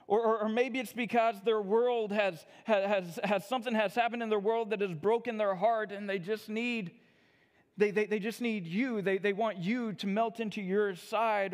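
A man's voice: high-pitched, big-room sound. A man in his thirties, a pastor, preaching a sermon built on personal stories, talking in a conversational, self-deprecating way with frequent restarts.

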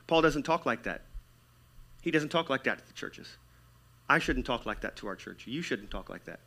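A man preaching a sermon to his church, swinging between loud emphatic stretches and hushed, near-whispered lines. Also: mid-range voice, expressive, moderate pace, creaky, pauses often. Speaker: pastor.

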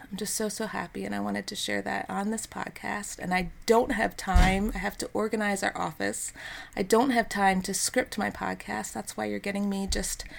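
A woman in her thirties hosting an unscripted devotional podcast, talking in an earnest, encouraging way with soft fillers. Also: medium pitch, creaky. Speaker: podcast host.

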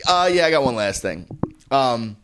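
A man's voice: medium pitch, moderate pace, noisy background. A young man co-hosting a comedy podcast, telling stories in casual chat and swearing freely. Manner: animated storyteller, swears freely. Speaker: podcast co-host.

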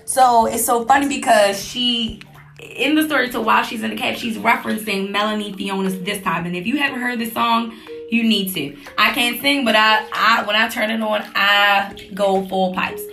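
A woman's voice: fairly high pitch, steady tone, normal speed, gravelly, bright, forceful tone, faint music behind. A woman hosting a talk show, telling a story in a candid, conversational way with plenty of casual fillers.

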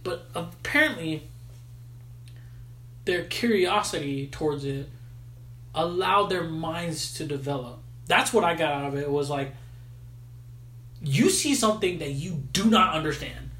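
A man's voice: on the high side, lively intonation, measured pace, pauses often, fairly bright tone, roomy sound. A man hosting a podcast, casually recapping a film in slangy, swearing chat. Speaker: podcast host.

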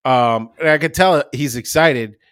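Male co-host, casual and rambling, medium pitch, dry close sound, recording from his desk. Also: unhurried, fairly bright tone, dry recording. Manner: rambling, restless, swears casually. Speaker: podcast co-host. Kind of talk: casual chat.

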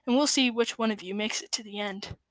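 A woman's voice: medium pitch, fairly quick, fairly bright tone, dry recording, natural voice. A woman voicing an ancient, eerie fox storyteller made of bones, speaking in a dry, dusty, menacing way. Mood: ominous.

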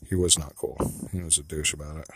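A man's voice: very deep voice, little pitch movement, quick pace, background noise. A man telling a rambling, profane personal monologue who keeps second-guessing himself. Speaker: vlogger.

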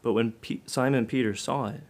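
Putting questions straight to his audience, this preacher lets his voice build to loudness and then sink low and gentle. His tone stays steady and his pace moderate.

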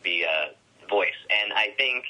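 A man's voice: lowish voice, animated, slow, sharp tone, low-quality recording. A man, a guest actor, talking casually in an interview, rambling with many restarts and fillers.

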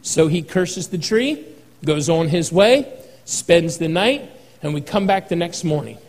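A man's voice: fairly high pitch, animated, a little slow, in a large hall, poor audio. A male pastor preaching a sermon in a folksy, humorous way, acting out quotes as he goes.

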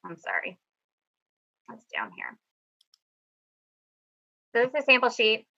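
A woman's voice: on the high side, wildly swooping pitch, slow pace, sharp tone, muffled recording. A woman band director giving a chatty, upbeat, self-deprecating presentation over a video call. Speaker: middle school band director. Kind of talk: teacher presentation over screen share.

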